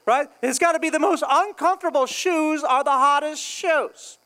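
Joking pastor preaching. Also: male voice, very high-pitched, normal speed, bright, forceful tone. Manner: jokey, conversational, acts out quoted voices. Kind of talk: humorous sermon.

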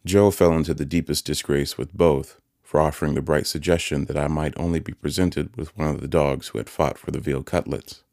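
A man narrating a classic novel as an audiobook, measured and steady. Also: very deep voice, gravelly, no room sound, studio quality.

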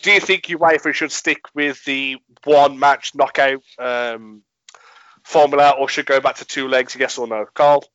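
A man's voice: medium pitch, steady tone, unhurried, fairly bright tone, smooth, no room sound, dull audio. Man, podcast host, blunt, swearing, dry close sound. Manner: blunt, swearing, laughing often. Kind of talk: casual banter podcast.

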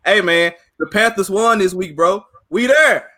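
High, teasing man in banter. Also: a little slow, sharp tone. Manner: teasing, repeating himself, laughing. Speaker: podcast co-host. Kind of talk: casual sports chat.

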